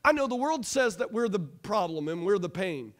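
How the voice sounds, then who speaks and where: Man, pastor, very high voice, lively sermon, rhetorical questions, joking asides. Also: normal speed.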